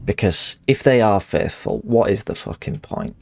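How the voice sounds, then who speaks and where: A man's voice: lowish voice, normal speed, vocal fry. A man streaming a game, chatting casually in a rambling, sweary way that often corrects itself.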